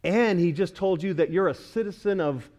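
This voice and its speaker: A man's voice: high-pitched, normal speed, a little mellow. A male pastor preaching a sermon, often asking the congregation questions and repeating key words for emphasis.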